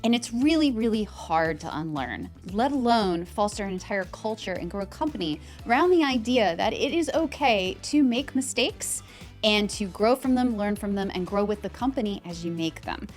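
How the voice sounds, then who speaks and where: A woman's voice: medium pitch, big pitch swings, brisk, few pauses, faint music behind. A woman hosting a podcast interview, earnest and upbeat, laughing easily with her guest. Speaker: podcast host. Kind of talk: conversational interview.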